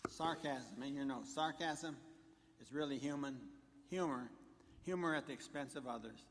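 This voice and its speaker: A pastor preaches to his congregation in a mid-pitched male voice. He counts off numbered points and slips in jokes as he goes. His words ring with a long reverb through the church. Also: moderate pace, a bit bright, slight background noise. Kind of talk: sermon. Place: church sanctuary.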